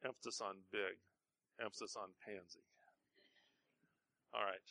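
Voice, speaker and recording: Man, pastor, bright tone, story sermon, self-deprecating, conversational. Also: on the low side, little pitch movement, a little slow, vocal fry.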